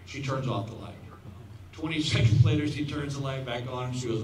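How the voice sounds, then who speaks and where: Fifty-something comedian in an echoey stadium. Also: male voice, medium pitch, fairly quick. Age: 50s. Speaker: stand-up comedian. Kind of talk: stand-up storytelling. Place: outdoor stadium stage. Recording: roomy, distant audience recording with crowd noise.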